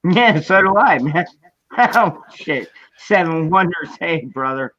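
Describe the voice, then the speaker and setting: A man hosts a casual livestream, talking bluntly with plenty of swearing and calling out to viewers who drop in. His pitch sits in the middle range. The mic sounds dull, lo-fi and dry. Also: animated, slow pace, pushed and bright, dry recording. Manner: blunt, profane, welcoming viewers. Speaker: livestream host.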